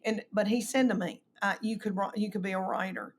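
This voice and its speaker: A middle-aged woman with a Southern East Tennessee accent spins folksy stories in a relaxed chat. Her pitch sits in an ordinary middle range, and she jumps into animated voices when she quotes people. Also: a little fast, slight background noise. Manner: animated, folksy storyteller who acts out quotes. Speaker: guest comedian. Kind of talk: storytelling in a casual chat.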